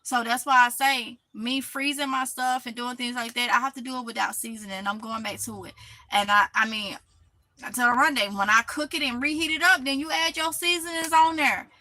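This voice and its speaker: Bright high-voiced Mississippi woman. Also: fairly even intonation, a little fast, low-quality recording. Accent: Mississippi Southern. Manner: chatty, talks back to comments, laughs often. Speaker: channel host reading live chat. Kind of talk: casual live-stream chat. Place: greenhouse.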